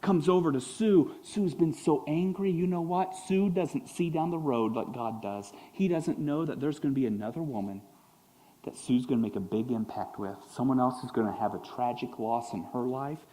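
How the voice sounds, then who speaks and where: A man preaching a sermon as pastor, animated, acting out quotes and swinging between loud and soft. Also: mid-range voice, moderate pace, big-room sound, poor audio. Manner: animated, acts out voices and quotes, big swings in loudness.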